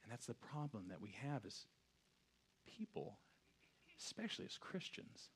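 A man in his thirties, a pastor giving a casual, conversational sermon that swings from hushed reflection to loud storytelling. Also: medium pitch, sing-song, normal speed, vocal fry, breathy edge.

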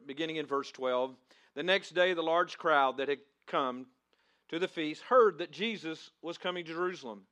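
A man pastor preaching a sermon, praying and then reading and acting out scripture with dramatic emphasis. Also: a little high. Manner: dramatic, shouting crowd voices in reenactment.

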